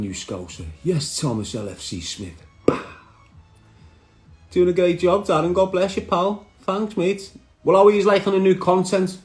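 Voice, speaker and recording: A man's voice: high voice, a little mellow. A man, chatting brashly on a live stream and answering viewer comments. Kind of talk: casual live stream chat.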